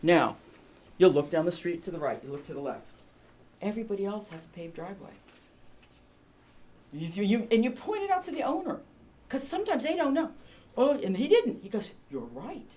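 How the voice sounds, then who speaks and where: A woman realtor presenting a home staging seminar, chatty and emphatic with quick practical asides. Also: medium pitch, sing-song, darkish tone. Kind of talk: presentation to an audience.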